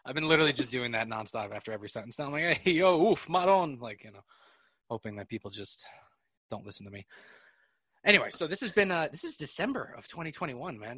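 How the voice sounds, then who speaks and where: A man with a New York accent, hosting a casual podcast chat, animated and laughing often. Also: medium pitch, slightly rough, no echo, clean studio sound. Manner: animated, laughing, swearing freely. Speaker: podcast host.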